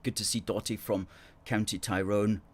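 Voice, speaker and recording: A man's voice: on the low side, flat delivery, normal speed, breathy edge. A middle-aged man hosting a live stream, chatting casually and playfully as he reads out viewer comments. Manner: playful, chatty, self-mocking. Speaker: host.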